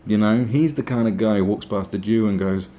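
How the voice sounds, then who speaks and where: A man's voice: fairly low pitch, brisk, dark tone, slight background noise. A man from Britain hosting a podcast, ranting sarcastically, swearing and mimicking people in mocking voices. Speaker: podcast host. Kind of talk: opinionated podcast monologue.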